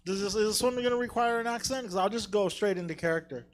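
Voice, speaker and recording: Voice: medium pitch, quick pace, a little hiss or hum. A person on a live comedy panel, blunt and teasing.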